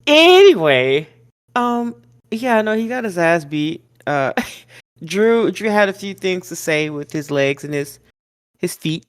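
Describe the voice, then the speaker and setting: Woman, lowish voice, lively pitch, playful podcast chat, dry recording. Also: unhurried, clean tone, no echo. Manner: laughs often, playful, acts out quotes. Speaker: podcast co-host. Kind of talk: casual wrestling chat.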